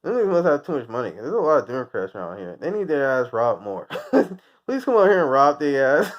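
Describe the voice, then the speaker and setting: A man's voice: mid-range voice, wildly swooping pitch, a little fast. A man from the United States ranting casually, rambling and crude, often breaking into laughter at his own jokes. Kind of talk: casual profane rant. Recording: dull lo-fi recording.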